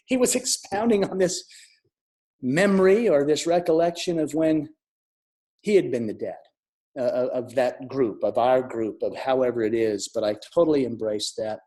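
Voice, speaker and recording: Earnest middle-aged man, mellow voice. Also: medium pitch, moderate pace. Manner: earnest, reflective, with restarts and soft drops in volume. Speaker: speaker sharing a near-death experience. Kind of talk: personal storytelling talk with audience questions. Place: online summit talk.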